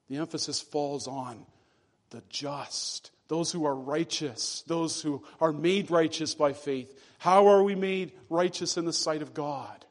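Pastor guy preaching, kinda high voice, earnest, slows way down on the big lines. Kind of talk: sermon.

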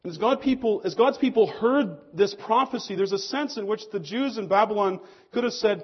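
Husky-voiced preacher man, lo-fi. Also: moderate pace. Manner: preaching with rising and falling emphasis, dropping low on key lines. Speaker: pastor. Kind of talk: sermon.

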